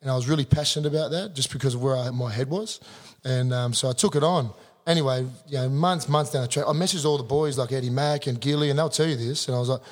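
A man's voice: mid-range voice, fast talker, big-room sound. An Australian man in his thirties, a guest telling a blunt, sweary story in casual conversation. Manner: blunt, sweary, animated yarn-spinning.

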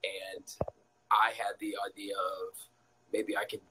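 A young man telling a story as a guest in a casual interview, animated and laughing often, acting out quotes in a high voice. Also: takes it slowly, slight background noise, rough recording.

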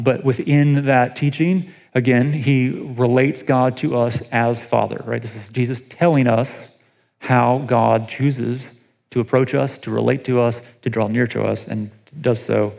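A man's voice: mid-range voice, fairly even intonation, measured pace, creaky, a little mellow, low-quality recording. A man preaching a sermon in a conversational teaching style, often restarting and checking in with listeners. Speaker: pastor.

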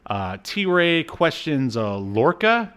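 A man's voice: a little high, big pitch swings, slow pace, fairly bright tone, clean tone. A man co-hosting a podcast, casually recapping a cartoon episode with jokes and lots of fillers. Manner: laid-back, joking, many fillers. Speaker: podcast co-host.

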